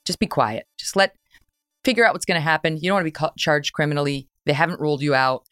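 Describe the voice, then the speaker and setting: A middle-aged woman hosting a talk show, giving blunt, opinionated commentary with quick asides. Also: low-pitched, fairly bright tone, clean tone, no echo, clean studio sound. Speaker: podcast host.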